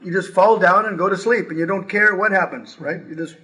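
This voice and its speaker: A spiritual teacher telling animated stories in a talk, pausing for a translator and acting out the voices in them. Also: male voice, high-pitched, poor audio. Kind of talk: storytelling talk with live translation.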